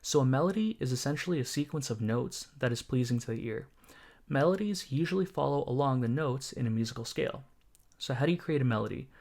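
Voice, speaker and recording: A man at middle pitch explains music theory in a calm, methodical way. He walks through scales and chords one step at a time, like a patient tutor. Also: fast. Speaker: music production teacher.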